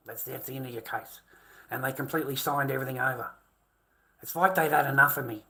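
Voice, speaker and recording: A man's voice: mid-range voice, fast, bright, forceful tone. A middle-aged Australian man ranting to his livestream chat, swearing constantly and calling viewers mate and boys.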